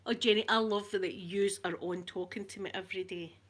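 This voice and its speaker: A woman's voice: mid-range voice, steady tone, fairly quick, husky. Chatty Glaswegian woman. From Scotland. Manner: chatty, laughs often, greets viewers by name. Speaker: ASMR channel host. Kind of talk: casual live-stream chat.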